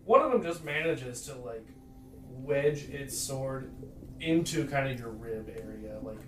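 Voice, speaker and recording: A man's voice: medium pitch, expressive, unhurried. A man narrating a tabletop role-playing game as game master, rambling loosely and laughing often. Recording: roomy, distant mic, faint noise.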